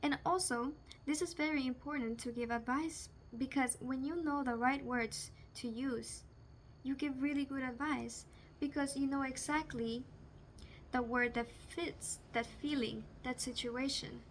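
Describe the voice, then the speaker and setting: A woman's voice: high voice, steady tone, measured pace, slight background noise. A young woman talking casually to camera as a vlogger, chatty and giggly, often searching for the right word. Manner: chatty, giggly, gropes for words.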